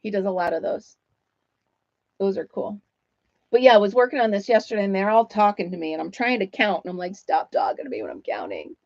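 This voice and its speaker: A woman's voice: mid-range voice, brisk, long pauses, darkish tone, no room sound, highs cut off. Chatty woman hosting a home livestream. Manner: chatty, answers viewer comments, laughs often. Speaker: livestream host. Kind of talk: casual chat while crocheting.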